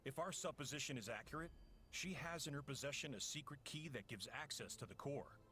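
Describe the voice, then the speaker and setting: A man voicing a flat, cold game villain. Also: mid-range voice, a little hiss or hum, natural voice. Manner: flat, measured, even delivery. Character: cold, scheming male villain henchman. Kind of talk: video game voice acting.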